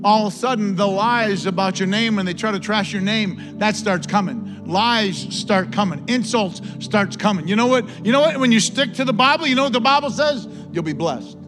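A man's voice: sits high, in a large hall. A male pastor preaching a sermon, impassioned, with repetition and rising exclamations.

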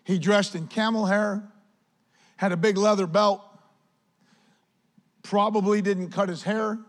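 A man preaching a sermon as pastor, praying and then telling stories in a lively, conversational way. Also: high-pitched, unhurried. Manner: animated, conversational preaching with storytelling. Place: church sanctuary.

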